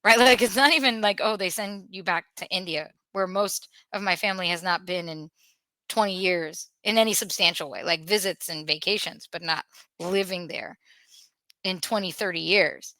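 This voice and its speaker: A woman hosts a podcast in casual, earnest talk, often breaking into uneasy laughter and restarting her sentences. Her voice is bright and forward. The sound is close and dry, with no room around it. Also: fairly low pitch, moderate pace, no echo. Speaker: podcast host.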